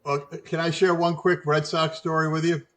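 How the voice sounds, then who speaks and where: A middle-aged man, a guest attorney, talking in a measured, halting way with frequent pauses and fillers as he is interviewed. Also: on the high side, little pitch movement. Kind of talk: conversational interview.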